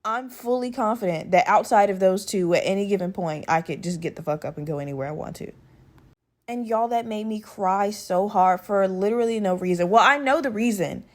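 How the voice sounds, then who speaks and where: A woman's voice: medium pitch, fairly quick. Chatty, profane woman podcast host. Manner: rambling, profane, conversational, with many fillers. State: slightly rough voice from a lingering respiratory infection. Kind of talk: casual solo podcast chat.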